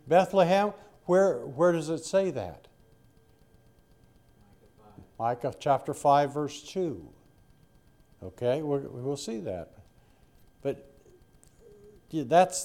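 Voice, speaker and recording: Older male preacher, mellow voice, folksy rambling sermon delivery. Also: fairly high pitch. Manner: folksy, rambling with asides and restarts. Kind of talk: sermon Bible teaching.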